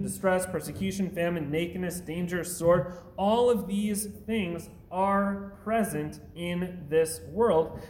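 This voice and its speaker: A male preacher delivers a sermon at an unhurried pace, his voice sitting a little high for a man. He reads scripture aloud in a measured, deliberate way, and the room around him is echoey with a faint hum underneath. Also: a little mellow.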